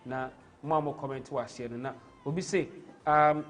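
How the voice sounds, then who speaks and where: A man's voice: medium pitch, steady tone, slow, faint music behind. A man with a Ghanaian accent hosting a live football stream, talking in an impassioned, rambling way and slipping into Twi. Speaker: host.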